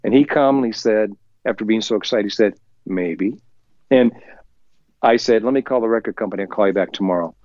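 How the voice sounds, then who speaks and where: A man's voice: lowish voice, no echo, lo-fi sound. A male musician telling a story in an interview from his home recording studio, acting out the voices of the people he quotes and chuckling as he goes. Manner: talks faster when excited. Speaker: musician guest.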